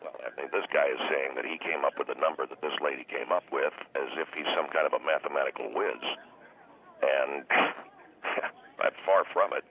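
A man's voice: very deep voice, moderate pace. A man arguing indignantly as a guest on a call-in radio show, with a condescending manner, heard over a tinny phone line. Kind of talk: heated call-in argument. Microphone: telephone.

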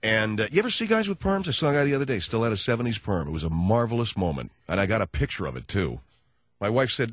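A man's voice: lowish voice, very animated, fast talker, no room sound. A man hosting a comedic talk radio show, rambling through a sarcastic monologue.

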